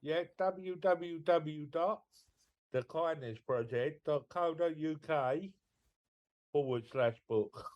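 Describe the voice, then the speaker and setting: A man's voice: fairly high pitch, slow pace, a little mellow, muffled recording. A man co-hosting a podcast, giving brief, easygoing replies in casual chat. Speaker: podcast co-host.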